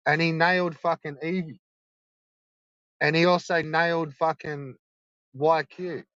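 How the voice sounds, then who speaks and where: A man's voice: fairly high pitch, little pitch movement, measured pace, a bit bright, no echo. A young man livestreaming, ranting insistently and swearing a lot. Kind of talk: rambling livestream rant. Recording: dull lo-fi streaming mic.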